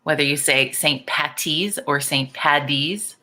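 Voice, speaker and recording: A woman's voice: low voice, unhurried, hardly any pauses, sharp tone. A middle-aged woman hosting a casual live-stream chat, talking candidly, swearing freely and greeting viewers by name. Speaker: livestream host.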